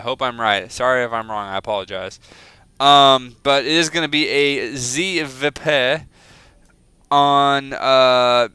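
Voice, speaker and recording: A man's voice: mid-range voice, slow, sharp tone, clear, resonant tone, dry recording, low-quality recording. A man giving casual, rambling play-by-play game commentary, joking and self-deprecating as he goes. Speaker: game caster.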